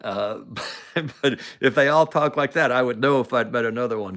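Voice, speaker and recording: A man's voice: mid-range voice, normal speed, long pauses, a bit bright. Rambling man telling an old story. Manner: rambling, laughing, many restarts. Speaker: show host. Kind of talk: casual storytelling.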